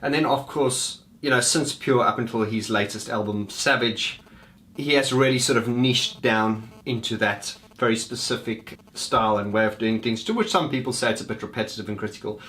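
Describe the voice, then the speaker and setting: A man's voice: mid-range voice, normal speed, a bit bright, a little hiss or hum. A man talking casually and unscripted to his viewers, rambling with fillers and restarts as if chatting with a friend. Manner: talks to viewers as friends, calls them guys. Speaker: music video host.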